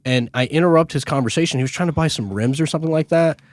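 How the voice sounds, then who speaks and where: A man's voice: a little high, very fast, no echo. Man telling a story, dry and close. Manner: animated, self-deprecating, swears freely. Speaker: podcast co-host. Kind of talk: casual storytelling.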